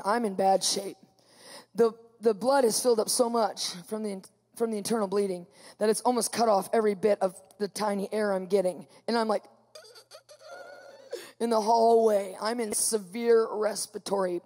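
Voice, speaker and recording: A woman preaching, telling her own story to a congregation with lively, acted-out quotes. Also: mid-range voice, big-room sound. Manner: animated storytelling, acting out quotes. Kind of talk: testimony sermon to a live audience.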